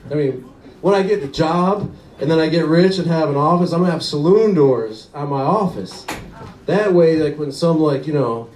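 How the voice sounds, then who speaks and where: A man's voice: on the high side, normal speed, darkish tone, roomy sound, far from the mic, slight background noise, rough recording. A young man doing a rambling stand-up comedy set, often laughing at his own jokes.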